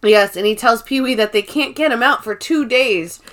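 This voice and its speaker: A woman co-hosting a podcast, recapping a movie in an animated, laughing way. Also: on the high side, normal speed. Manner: animated, laughing retelling with frequent fillers. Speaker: podcast co-host. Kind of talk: casual chat recapping a movie.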